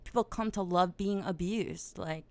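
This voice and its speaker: A woman's voice: fairly low pitch, measured pace, gravelly, no echo. A woman hosting a podcast, giving a casual, blunt monologue full of swearing. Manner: blunt and profane, grows loud and heated. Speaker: podcast host.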